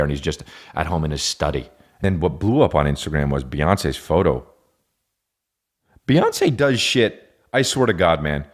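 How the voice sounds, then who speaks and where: Deep-voiced man ranting with profanity. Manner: profane, rambling, stammers and restarts. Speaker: podcast host. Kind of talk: casual comedic rant.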